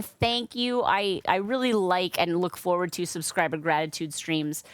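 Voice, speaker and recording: A woman's voice: fairly high pitch, no echo. Chatty woman live-streamer, dry close sound. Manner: chatty, upbeat, with frequent fillers. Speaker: streamer and balloon artist. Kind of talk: casual live-stream chat.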